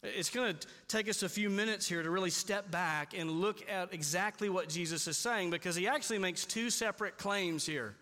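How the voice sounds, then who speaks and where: A man preaching a sermon in a church, emphatic and slowing down on key points. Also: high-pitched, pushed and bright. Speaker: pastor. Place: church sanctuary. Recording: long hall reverb.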